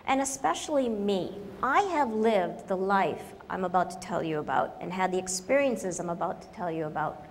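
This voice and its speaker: A woman's voice: medium pitch, animated, moderate pace, big-room sound, a little hiss or hum. A woman giving a humorous conference talk, wry and direct, telling stories to an audience. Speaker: conference speaker.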